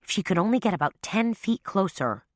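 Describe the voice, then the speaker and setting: A woman narrating an audiobook with lively storytelling. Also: mid-range voice, a little fast, no room sound, clean studio sound. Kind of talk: scripted narration.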